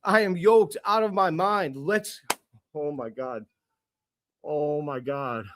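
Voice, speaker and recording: A young man hosting a sports podcast, reacting live with euphoric, profane excitement and lots of repetition. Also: fairly high pitch, slow. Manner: euphoric, swearing, repeating himself.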